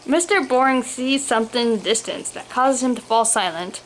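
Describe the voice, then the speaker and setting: A woman's voice: fairly high pitch, fairly quick, few pauses, slight background noise. Woman reading a humorous story aloud. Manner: reads aloud, occasional slips. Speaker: story reader. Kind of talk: storybook narration.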